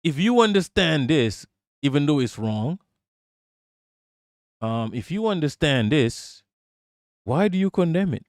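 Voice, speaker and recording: A man's voice: fairly high pitch, sing-song, measured pace, long pauses, dry recording, clean studio sound. A young man hosting a live political commentary stream, heated and profane, often stumbling over and restarting his words.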